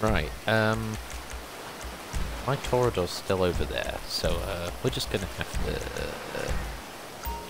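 A man's voice: low voice, animated, unhurried, music in the background, poor audio. A man in casual gaming voice chat, teasing his friends and repeating silly jokes into a headset mic. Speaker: online game player.

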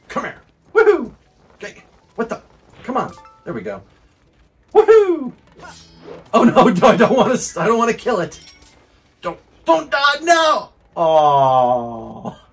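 A man hosting a let's-play video, commenting on his game to himself with frequent whoops, laughs and excited exclamations. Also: high-pitched. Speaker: gaming channel host.

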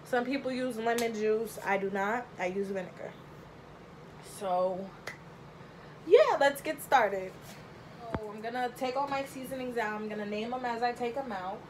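Speaking in a fairly high voice, a young woman vlogs a relaxed cooking tutorial from her home kitchen, rambling chattily through the recipe and filling pauses with ums as she thinks aloud. She's recorded on a camera mic with a faint hiss behind her, and the audio quality is poor.

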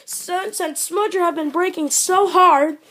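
A woman narrating an improvised toy train story in a halting, play-along way. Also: very high voice, fairly bright tone, a little hiss or hum.

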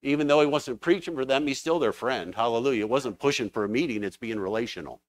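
Male preacher, mid-pitched, lively testimony delivery, dry mic. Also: quick pace, no room sound. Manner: fervent, animated storytelling with exclamations. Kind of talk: sermon. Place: church.

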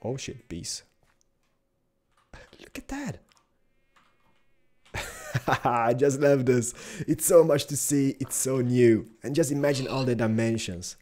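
A young man giving excitable Let's Play commentary, exclaiming and chatting to the animals he finds. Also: mid-range voice, moderate pace, hardly any pauses. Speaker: gaming YouTuber.

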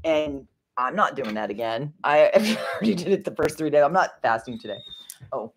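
A woman's voice: sits low, lively intonation, normal speed, slight background noise. A middle-aged woman hosting a rambling faith livestream from home, chatty and easily distracted, laughing often. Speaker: livestream host.

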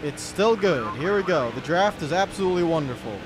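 Excitable young man narrating a racing game. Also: on the high side, a little fast, background noise. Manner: excitable, yells when wrecked, mutters to himself. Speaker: gaming YouTuber.

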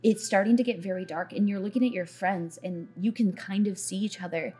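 A woman with a slightly husky voice runs a tabletop game as its dungeon master. She narrates scenes to her players in a loose, wandering way, full of fillers and restarts. Her pitch sits in the middle for a woman, with faint music underneath. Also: steady tone, a little fast, warm tone. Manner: descriptive, meandering narration with fillers.

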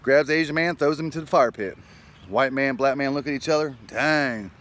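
A man telling a joke, switching into quick voices for the characters. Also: mid-range voice. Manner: animated storytelling with voices. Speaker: joke teller.

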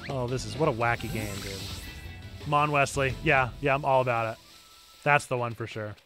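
Man, North Carolina accent, game streamer, playful chat, forceful bright tone. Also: mid-range voice, moderate pace, soft background music. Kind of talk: casual gameplay stream chat.

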